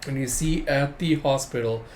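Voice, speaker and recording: A man casually reading through a comic aloud, animated and quick to laugh. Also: mid-range voice. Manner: animated, laughs often, reads in voices. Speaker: comic reader and reviewer.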